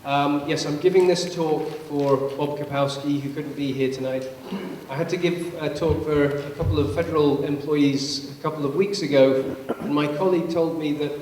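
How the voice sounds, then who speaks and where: A man giving a public lecture, explaining in a measured way with touches of dry humor. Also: a little high, steady tone, a little mellow. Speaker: guest presenter, scientist. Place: large public meeting hall. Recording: echoey hall from far off, faint hum.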